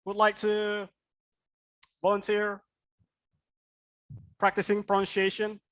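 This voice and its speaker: Guy teaching ielts speaking on a video call, pretty high voice, keeps asking "right?". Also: completely flat delivery, takes it slowly, a bit bright. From Indonesia. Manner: explanatory, with frequent "right?" tag questions. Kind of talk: online class teaching.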